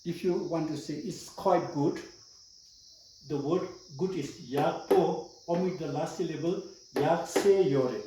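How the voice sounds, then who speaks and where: A man with a Tibetan accent gives a slow spoken language lesson, patiently walking through the rules step by step and repeating words. His voice is a little high and dark in tone, and he speaks slowly. The room is echoey, with a distant mic and faint noise.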